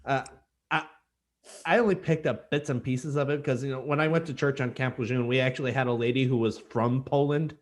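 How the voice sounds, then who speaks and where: A man's voice: medium pitch, fairly quick. Dry-humored man co-hosting a podcast. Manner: dry, deadpan asides with filler-heavy explanations. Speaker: podcast co-host. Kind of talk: casual chat.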